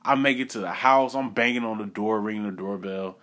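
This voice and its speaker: A young man tells a personal story in a casual, animated way, repeating phrases for effect and acting out what people said. His voice is on the low side and he talks a little fast.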